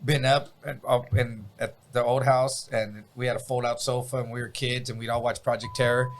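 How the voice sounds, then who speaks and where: A man's voice: medium pitch, fairly quick. A man casually telling a story on a podcast, swearing freely and acting out sounds. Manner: profane, animated, acts out sounds. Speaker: podcast guest.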